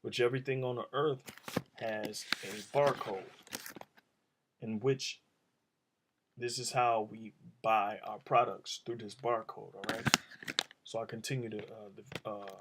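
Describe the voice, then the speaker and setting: A man's voice: on the low side, fairly even intonation, measured pace, long pauses, very noisy. A man giving informal scripture teaching as a phone voice memo while driving his car, rambling with many fillers and tag questions. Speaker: religious teacher.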